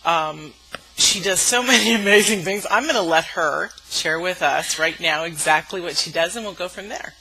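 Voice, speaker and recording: A woman's voice: on the low side, moderate pace, pushed and bright, a little hiss or hum, low-quality recording. A woman hosting a podcast, introducing her guest with brief affirming remarks. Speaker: podcast host. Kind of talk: casual interview.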